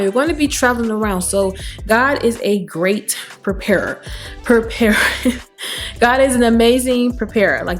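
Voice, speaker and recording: A young woman vlogging at home while she does her makeup, chatty and animated, her voice a little raspy and tired. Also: mid-range voice. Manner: chatty and animated, with bursts of faith talk. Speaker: beauty vlogger. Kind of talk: casual chat while doing makeup. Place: home, new apartment.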